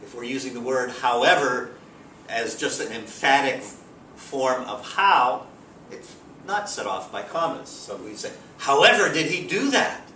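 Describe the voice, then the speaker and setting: A man teaching a grammar lesson in a relaxed, explanatory way with frequent fillers, recorded from a distance. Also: mid-range voice, unhurried. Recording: roomy, distant mic, faint background hiss.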